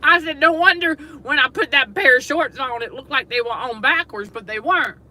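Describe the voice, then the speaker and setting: Bright-voiced woman, laughing, emphatic host. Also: high voice, brisk, rough recording. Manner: laughs often, emphatic and repetitive. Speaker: show host. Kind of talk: casual spiritual talk livestream. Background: air conditioner hum.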